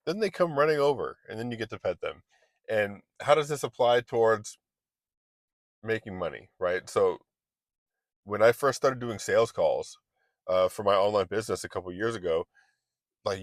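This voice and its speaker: Guy with a lowish voice doing a loose motivational chat, restarts a lot, dry close sound. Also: animated, normal speed, dry recording. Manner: loose and chatty, restarts a lot, acts out little quoted exchanges. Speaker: online business coach. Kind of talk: casual motivational talk.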